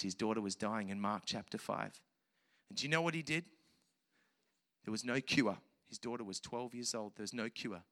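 A man preaching a sermon in a church service, animated, swinging between hushed and loud passages. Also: on the low side. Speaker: pastor. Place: church service with children present.

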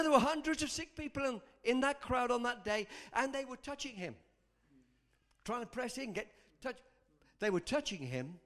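Animated preacher, high voice. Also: male voice. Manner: impassioned, call-and-response, storytelling. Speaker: pastor. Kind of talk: sermon.

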